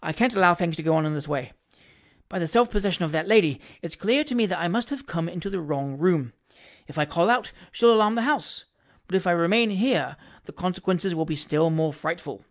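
A woman voicing a modest, flustered elderly gentleman who speaks anxiously and earnestly, as in a storybook reading. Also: fairly low pitch, expressive, a little fast, natural voice. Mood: worried.

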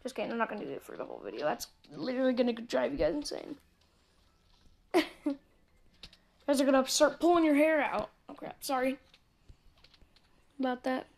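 High-voiced chatty game commentator woman. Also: sing-song, a little fast, creaky, long pauses, darkish tone. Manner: chatty, talks to viewers while playing, muttering asides. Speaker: gameplay commentator. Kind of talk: casual mobile game commentary. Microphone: phone screen recording mic.

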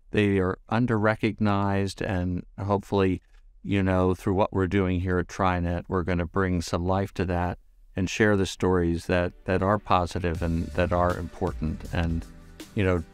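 A man hosting a podcast interview, enthusiastic and halting, with many fillers and restarts. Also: deep voice, no room sound. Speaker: podcast host.

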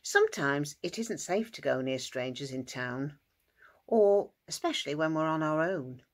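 A woman narrating a children's story at school worship in an expressive, sing-song way. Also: sits low, measured pace.

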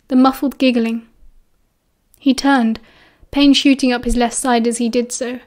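A woman with a British accent narrating a novel as an audiobook in a steady, expressive storytelling voice. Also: high-pitched. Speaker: audiobook reader.

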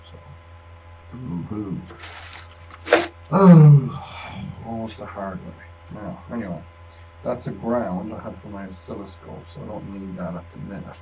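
Male, relaxed self-talking tinkerer, low-ish, recorded from a distance with faint background noise. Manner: rambling, self-talking, wry asides. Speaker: electronics tinkerer demonstrating. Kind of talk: casual thinking-aloud workbench demo.

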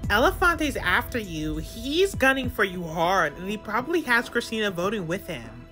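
A woman's voice: medium pitch, big pitch swings, moderate pace, bright, forceful tone, soft background music. A woman voicing a shrewd female toy contestant in a toy reality-show role-play, scheming in a conversational way.

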